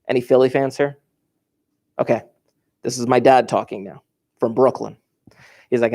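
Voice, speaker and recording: A man's voice: mid-range voice, steady tone, a little fast, pauses often, darkish tone. A male teacher giving a casual, digressive lesson to his class, telling stories and asking the students questions, recorded in a classroom while he moves about the room. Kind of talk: classroom lecture, storytelling.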